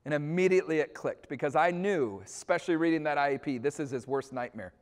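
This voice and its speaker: A middle-aged man with a fairly high voice, telling a story to a room of teachers and acting out the scenes. The sound is a big school hall with a long reverb behind each sentence. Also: quick pace. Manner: animated storyteller, acts out scenes. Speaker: staff trainer.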